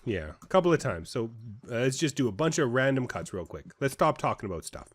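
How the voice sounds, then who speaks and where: A man's voice: medium pitch, sing-song, fast, husky. A young man co-hosting a casual game playthrough, chatty and rambling as he tells stories. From Canada. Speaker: gaming co-host. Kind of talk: casual gameplay chat.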